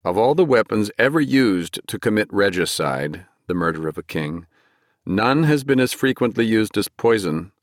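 A man narrating a dark fantasy audiobook in a measured, dramatic storytelling manner. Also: lowish voice, no echo, studio quality.

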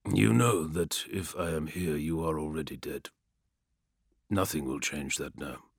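A man voicing a deep, emotionless armoured assassin. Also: creaky, breathy edge, no echo, clean studio sound, heavily acted. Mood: cold. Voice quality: very deep, resonant, flat. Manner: cold, measured, without emotion. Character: towering inhuman male assassin in golden armour, cold and emotionless. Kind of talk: audiobook character voice.

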